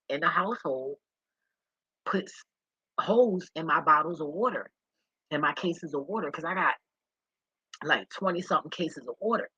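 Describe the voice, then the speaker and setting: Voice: medium pitch, pushed and bright, slightly rough, no room sound, highs cut off. A vlogger talking straight to viewers in a rambling, profane and emotional way. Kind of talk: candid monologue to viewers.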